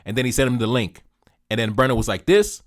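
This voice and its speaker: A man from Haiti, hosting a music reaction video, talking casually with lots of repeated phrases and shout-outs. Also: medium pitch, steady tone, fast.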